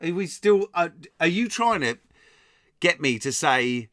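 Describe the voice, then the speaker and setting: A man's voice: fairly high pitch, very animated, measured pace, a bit bright, no echo, studio quality. An English man hosting a live-stream quiz, reading out items and laughing and joking with his viewers. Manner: reads quiz items aloud, laughs often, jokes with chat. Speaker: quiz host.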